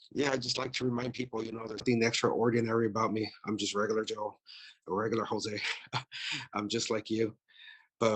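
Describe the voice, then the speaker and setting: A man's voice: on the low side, fairly bright tone. A man running for office, talking bluntly and profanely in a casual interview, with lots of "you know" fillers. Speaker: political candidate.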